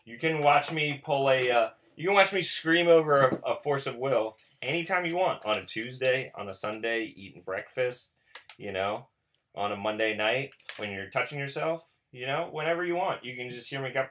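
A man hosting a card pack opening, talking casually and mocking himself, who breaks into excited shouting. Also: mid-range voice, normal speed, a little hiss or hum. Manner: chatty and self-mocking, bursts into excited shouting. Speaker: host opening card packs for viewers.

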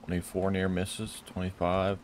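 Low-voiced man giving let's-play commentary. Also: monotone, moderate pace, slight background noise. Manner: chuckles often, blurts surprised exclamations. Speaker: gameplay commentator.

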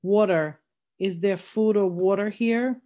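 A tense young frontier boy, read by a woman pushes his questions with raised, insistent urgency. The voice is a bit higher and louder than the narration around it. It is a read-aloud storybook part. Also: takes it slowly, close to an everyday voice. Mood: urgent. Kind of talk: reading a novel aloud.

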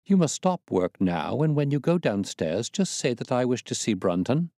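A man's voice: mid-range voice, very animated, normal speed, dark tone, dry recording, studio quality. A man reading the part of a stern young master who coldly dismisses his butler. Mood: firm. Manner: cold, firm, commanding. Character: stern young country squire, master of the house.

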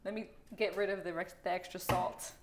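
A young woman with a lowish, steady voice speaks briskly while cooking in her home kitchen. She walks her partner through a recipe with upbeat, teasing coaching, with music playing underneath and slight background noise.

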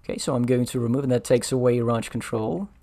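A man's voice: mid-range voice, fairly even intonation, fast talker, mellow. A man playing a strategy board game on his own, thinking aloud and muttering over the rules as he decides his moves. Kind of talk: solo board game playthrough commentary.

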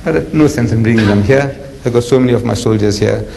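A man preaching a lecture, animated and jokey, telling stories with acted-out voices. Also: medium pitch, fast talker, gravelly, a little hiss or hum, low-quality recording. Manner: animated, jokey, acts out characters. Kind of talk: lecture with dramatic storytelling.

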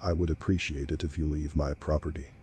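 A man voicing a calm, knowing woman who practices voodoo, speaking softly in a deep, even storybook reading. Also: a little hiss or hum. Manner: soft, measured, thoughtful.

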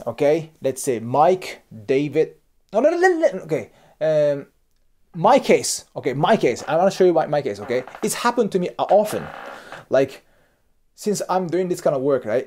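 Japanese-accented male host, lively casual explainer, repeats questions to the viewer, swears casually. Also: mid-range voice. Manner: animated, repetitive, keeps checking in with the viewer. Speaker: YouTube host and cross-cultural lecturer.

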